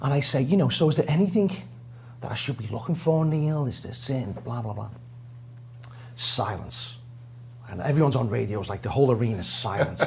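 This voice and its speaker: A man from Liverpool with a Liverpool accent, a guest drummer telling a lively, self-mocking story in an interview. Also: mid-range voice, normal speed, vocal fry, slight background noise. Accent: Liverpool English. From Liverpool, England.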